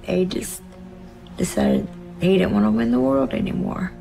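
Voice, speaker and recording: A grieving mother in a documentary interview, speaking haltingly about her abuse and her loss. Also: mid-range voice, gravelly, warm tone, soft background music, poor audio. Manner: halting, grief-stricken. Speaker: bereaved mother.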